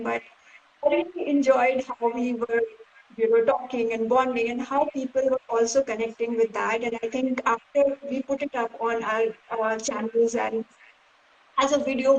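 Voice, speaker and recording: A woman hosting a live-streamed phone interview, courteous and appreciative. Her voice sits a bit high for a woman. She strings her thoughts together with frequent filler words. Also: gravelly, highs cut off, slight background noise. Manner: polite, thankful, many "you know" fillers. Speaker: interview host. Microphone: phone on a live video stream.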